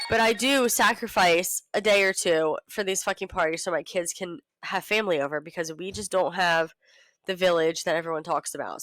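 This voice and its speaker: A woman in her thirties co-hosts a podcast, ranting animatedly through casual chat and lacing every story with profanity. Her pitch is ordinary and her tone fairly bright, recorded dry and close with no echo or room sound, though the audio quality is poor.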